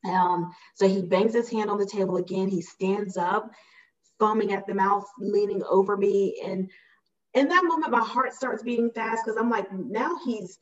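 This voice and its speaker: A guest speaker, a woman with a mid-range voice, relates a personal anecdote at a moderate pace. She's casual and emphatic, voicing the dialogue as she recalls it, and the audio is somewhat muffled.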